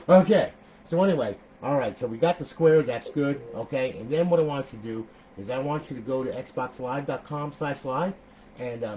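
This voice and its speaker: A man's voice: mid-range voice, a little hiss or hum, low-quality recording. Chatty man explaining console mods. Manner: chatty, repeats "okay?", animated outbursts. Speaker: console modder giving a tutorial. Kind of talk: casual screen-recorded tutorial.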